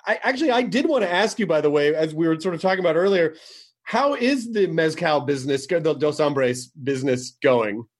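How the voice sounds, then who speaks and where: Podcast host, bouncy pitch, kinda husky, jokey. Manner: lively, fast, joking. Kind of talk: casual chat.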